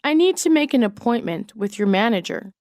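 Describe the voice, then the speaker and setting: A woman with a fairly high voice reads English practice sentences one after another, measured and evenly paced. The sound is close and dry, with no room around it. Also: big pitch swings, a little mellow, no echo. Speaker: English lesson reader. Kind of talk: reading practice sentences aloud.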